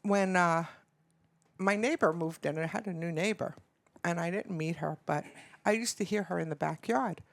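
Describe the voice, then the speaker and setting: An older woman, a grandmother, chatting as a podcast guest and telling stories with lively acted-out dialogue. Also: lowish voice, moderate pace, gravelly. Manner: animated storyteller acting out both sides of conversations. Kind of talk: casual chat and storytelling.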